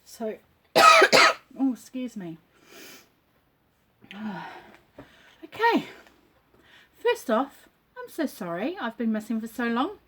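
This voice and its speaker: A woman's voice: fairly high pitch, wildly swooping pitch, takes it slowly, long pauses, pushed and bright. A middle-aged woman chatting casually to camera about her crafts from her home, rambling with lots of ums and the odd cough. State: coughing now and then. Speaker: crafting vlogger. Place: home dining nook.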